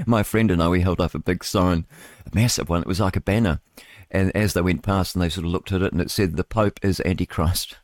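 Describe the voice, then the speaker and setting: A New Zealand man hosting morning radio in a casual, rambling way, his voice sitting a little low. He breaks off mid-sentence, circles back and chuckles at his own asides, with the studio mic sounding close and dry. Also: brisk, no room sound. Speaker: radio host.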